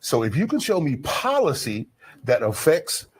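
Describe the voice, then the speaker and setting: A man's voice: on the high side, huge pitch swings, moderate pace, husky. A man answering as a panel guest, making his point emphatically and stressing key words.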